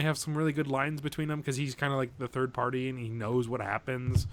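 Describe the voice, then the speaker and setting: Animated man retelling a movie. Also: medium pitch, a little fast, few pauses. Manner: animated, swearing, acts out quoted lines. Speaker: podcast co-host. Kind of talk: casual chat, retelling a movie.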